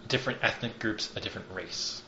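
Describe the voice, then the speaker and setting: A man's voice: fairly low pitch, fast talker, background noise. A man hosting a podcast and narrating a tabletop game as game master, casual and joking with lots of ums. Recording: dull, roomy lo-fi recording.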